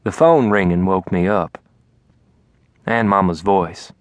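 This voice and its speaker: A man narrating an audiobook in a soft, even storytelling voice. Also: low voice, slow pace, no room sound. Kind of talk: scripted narration. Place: recording studio.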